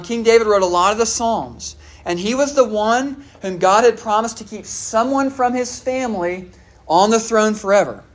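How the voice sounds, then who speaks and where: A preacher giving a sermon in a conversational way, asking the listeners questions and often saying "all right" and "uh". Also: medium pitch. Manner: many fillers like "all right" and "uh".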